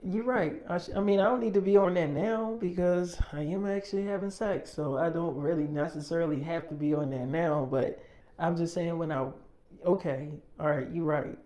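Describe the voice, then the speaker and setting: A man quoting a blunt, curious young girlfriend in his own mellow voice as he tells a story. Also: on the high side, moderate pace, natural voice. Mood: backpedaling. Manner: blunt, questioning.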